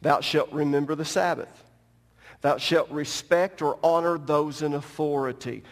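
Male pastor, high voice, emphatic teaching sermon, long hall reverb. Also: steady tone, a little slow. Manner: emphatic, teaching, addresses congregation directly. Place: church sanctuary at the pulpit.

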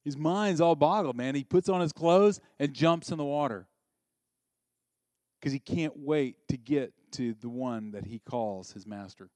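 A man's voice: measured pace, no room sound. Male preacher, conversational and dynamic sermon delivery, dry close recording. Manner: animated, swings from loud and high to quiet and low; conversational, asks the audience questions.

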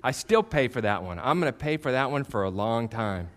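A man in his fifties with a mid-range voice and a fairly quick delivery gives a sermon as a pastor. He leans on animated, self-effacing personal stories, raising his voice for the punchlines.

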